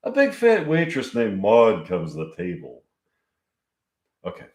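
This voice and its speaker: Slow, halting man in an echoey room. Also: lowish voice, huge pitch swings. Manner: halting, thinks aloud between lines. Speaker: amateur writer performing his own script. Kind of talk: homemade reading of a comedy script.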